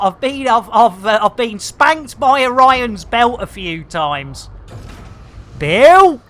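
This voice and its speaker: A woman's voice: on the low side, sharp tone. Chatty woman streaming a game. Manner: chatty, jokey, slangy banter. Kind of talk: casual live-stream chatter.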